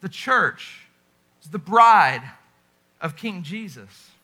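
A man preaching a sermon with passion, often dropping to a hushed, intense delivery. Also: sits high, lively intonation, slow. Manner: impassioned preaching with dramatic drops to a hush. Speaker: pastor.

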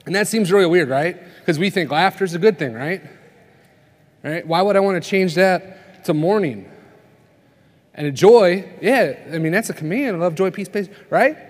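A man's voice: sits high, moderate pace. A man giving a conversational sermon at a family conference, telling stories and asking the audience questions. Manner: conversational preaching, tells stories, asks the crowd "right?". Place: conference hall. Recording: long reverb of a conference hall.

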